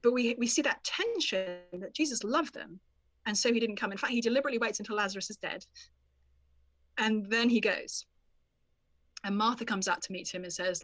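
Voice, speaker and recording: A woman author, a podcast guest, explaining a Bible passage in an animated, storytelling manner. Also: a little high, fairly quick, dry recording. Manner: animated storyteller, quotes scripture expressively. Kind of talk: conversational Bible teaching.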